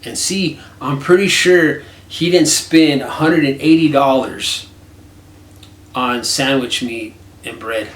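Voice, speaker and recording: A man casually telling a story, animated and swearing often while acting out conversations. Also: mid-range voice, takes it slowly, echoey room.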